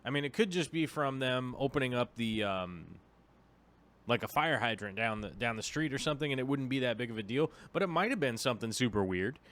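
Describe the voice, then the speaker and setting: A man hosting a laid-back livestream, talking at an ordinary middle pitch. He rambles from point to point and leans on plenty of ums and uhs. His delivery is casual and unscripted. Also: expressive, fairly quick, a bit bright. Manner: rambling, chatty, frequent fillers; drops to a near whisper to avoid waking the dog. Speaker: aquarium livestream host.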